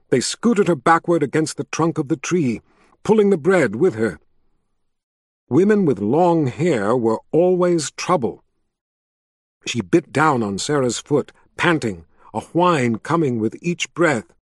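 A man narrating a story as an audiobook, with an expressive reading style. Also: fairly high pitch, unhurried, slightly rough, no room sound, studio quality. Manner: expressive, reads all the character voices himself.

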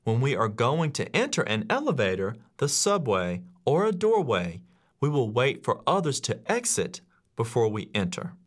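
Male teacher-narrator, mid-pitched, very animated delivery, clear instructive audiobook read. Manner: measured, instructive, acts out quoted lines. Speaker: teacher reading his own classroom rules.

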